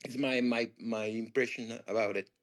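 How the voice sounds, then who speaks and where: A man in a workshop answering hesitantly, searching for words and clearing his throat. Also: medium pitch, steady tone, moderate pace. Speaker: workshop participant. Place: workshop room.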